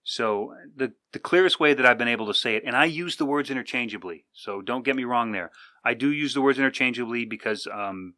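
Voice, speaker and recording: A man's voice: mid-range voice, brisk, bright, forceful tone, no echo, clean studio sound. A man hosting a podcast, talking casually from his seat with lots of fillers and restarts. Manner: rambling, conversational, with many fillers and restarts. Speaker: podcast host. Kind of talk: casual monologue. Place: indoors, sitting with coffee.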